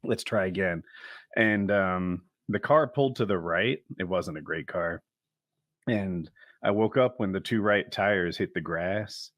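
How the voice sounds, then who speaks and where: A man co-hosting a podcast, telling stories in a calm, detailed way during casual chat. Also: sits low, a little slow, no room sound, studio quality. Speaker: podcast co-host.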